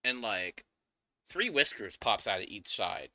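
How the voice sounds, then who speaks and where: A man's voice: lowish voice, no room sound, muffled recording. A man running a tabletop game as game master, narrating with lots of fillers and restarts. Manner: animated, halting with fillers.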